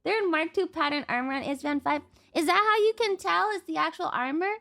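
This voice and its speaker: A woman streamer chatting casually as she reacts, excitable and swearing freely. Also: very high voice, fairly quick, vocal fry.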